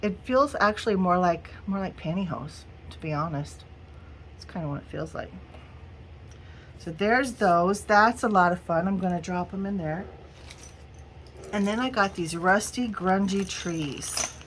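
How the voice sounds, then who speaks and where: A middle-aged woman with a drawl talks casually to her viewers in a slightly low voice. She giggles often and calls everyone "y'all." A faint room hum sits under her voice. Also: unhurried. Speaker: crafting vlogger. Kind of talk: casual haul video.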